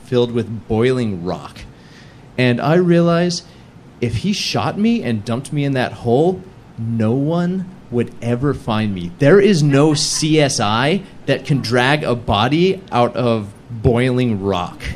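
A man's voice: mid-range voice, a little hiss or hum. A young man from the United States telling a story on stage before a live audience, joking and mocking himself. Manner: animated, joking, self-mocking.

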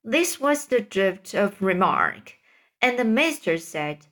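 A woman's voice: mid-range voice, big pitch swings, slow pace, a bit bright. A woman reading a classic novel aloud, stumbling and restarting on hard words. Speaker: reader.

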